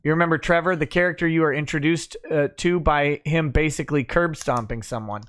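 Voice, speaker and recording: Brief: male stream host, casual and profane, reads chat messages in a flat run, a touch higher voice. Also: fairly quick. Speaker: livestream host. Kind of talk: casual chat, reading viewer comments aloud.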